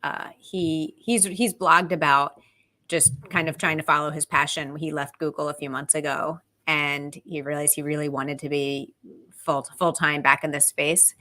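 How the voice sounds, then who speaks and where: A woman co-host with a low-pitched but bright, forward voice. She talks casually and enthusiastically, dotting her speech with "like" and "um". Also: little pitch movement, normal speed. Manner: enthusiastic, warm-hearted, lots of "like" and "um". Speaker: podcast co-host. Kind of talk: casual podcast chat.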